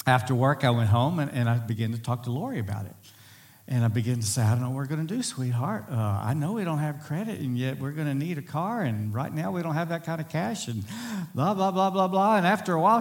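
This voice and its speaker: A man's voice: medium pitch, expressive, normal speed. A middle-aged man preaching a sermon to a congregation, telling stories in a folksy, self-deprecating way. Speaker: pastor.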